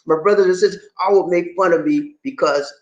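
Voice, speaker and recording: A man hosting his own show, explaining things to viewers casually in an animated, playful way and teasing the audience. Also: high voice, a little fast, lo-fi sound. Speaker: host. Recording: echoey room.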